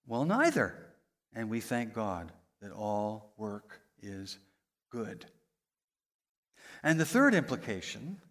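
A man preaching a sermon, his voice rising high and loud for emphasis and then dropping low and soft. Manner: animated preaching, voice rising and falling sharply for emphasis. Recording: long reverb of a large hall.

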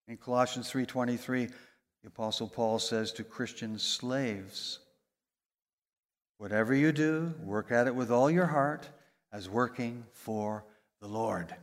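A man preaching a sermon, his voice rising high and loud for emphasis and then dropping low and soft. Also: moderate pace. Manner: animated preaching, voice rising and falling sharply for emphasis. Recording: long reverb of a large hall.

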